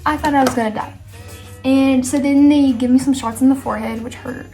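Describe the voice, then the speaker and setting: A woman with a high-pitched voice speaks fairly quickly as she does her makeup and tells a casual storytime. She's a chatty, animated vlogger who rambles, laughs often, and makes frequent asides. Soft music plays in the background.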